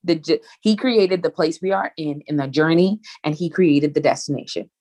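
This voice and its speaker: Husky woman giving casual bible teaching. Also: deep voice, normal speed. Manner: animated, conversational, acts out quoted exchanges. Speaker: podcast host.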